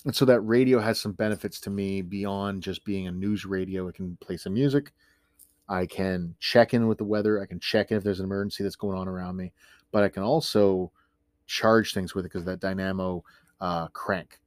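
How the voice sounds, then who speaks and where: A man's voice: low voice, steady tone, normal speed, a little mellow, dry recording, studio quality. A man hosting a podcast, talking casually in a chatty, self-deprecating, ranting way. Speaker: podcast host. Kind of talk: casual solo podcast talk.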